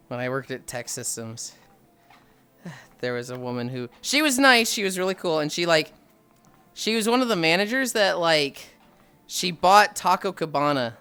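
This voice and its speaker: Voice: medium pitch, sharp tone, clean tone. A livestreamer chatting casually with viewers, telling stories with frequent sighs and laughs. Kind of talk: casual live-stream chat.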